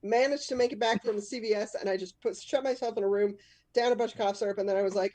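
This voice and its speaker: A woman's voice: medium pitch, steady tone, fast talker, a little mellow, no room sound. A woman comic hosting a live storytelling show, telling a self-mocking story in a casual, rambling way. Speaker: comic and host.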